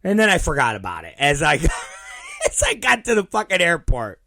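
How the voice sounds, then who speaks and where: A middle-aged man tells a long, profane story on his own show, wandering off and chuckling at himself. His voice sits a little high for a man. The sound is close and dry, with no room around it. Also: wildly swooping pitch, brisk, vocal fry, pushed and bright, no echo, shouting. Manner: profane, rambling, laughs at his own stories. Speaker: podcast host. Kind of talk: casual storytelling monologue.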